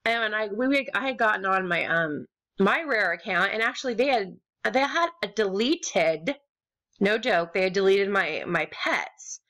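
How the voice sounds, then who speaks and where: Young American woman, game vlogger, unhurried, gushing and rambling. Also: lively intonation, bright, forceful tone. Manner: gushing, rambling, swings between squeals and low mutters. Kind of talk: casual gaming commentary.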